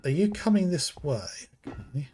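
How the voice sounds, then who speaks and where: A man's voice: on the high side, big pitch swings, warm tone, slight background noise. A man with a British accent streaming a horror game, thinking aloud and reading out items as he plays. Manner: slow, thinking aloud, muttering item names. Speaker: gaming streamer. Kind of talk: live game commentary.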